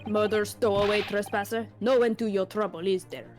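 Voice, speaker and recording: A woman's voice: medium pitch, fairly even intonation, a little fast, over music, close to an everyday voice. A woman voicing a bossy Russian woman on a ship, in a put-on Russian accent and broken English. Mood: accusing.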